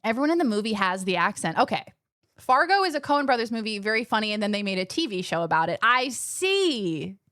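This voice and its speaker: In studio quality with no echo, a young woman from Illinois speaks at medium pitch. Her faint accent mixes Midwestern and West Coast American, and on a live stream she chats animatedly, reads chat aloud, laughs often, and swears without fuss.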